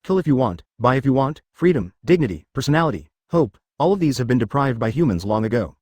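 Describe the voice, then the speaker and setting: A man's voice: mid-range voice, very animated, quick pace, a little mellow, no room sound. A man reading the part of a bitter, fanatical male fishman pirate captain in a web-novel story, with a scornful, ranting manner.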